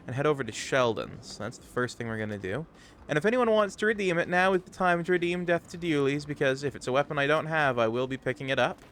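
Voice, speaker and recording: A man streaming a game live, chatty and excitable, talking to his chat as he plays. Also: fairly high pitch, quick pace, a little hiss or hum. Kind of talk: live gameplay commentary.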